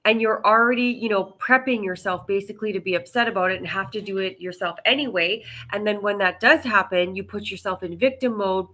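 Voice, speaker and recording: Woman, podcast host, bright tone, candid and self-deprecating chat. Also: medium pitch, brisk, few pauses. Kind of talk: casual solo talk.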